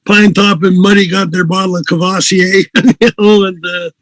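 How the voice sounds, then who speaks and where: Older man, casual storyteller, high pitched, bone-dry recording. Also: steady tone, normal speed, a bit bright, dry recording, rough recording. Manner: rambling, chuckling, many fillers.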